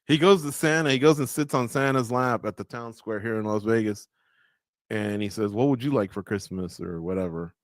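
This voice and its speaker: A man's voice: lowish voice, brisk, no echo. A man co-hosting a sports radio show, chatting casually and telling stories, acting out quotes and laughing at his own jokes. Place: studio.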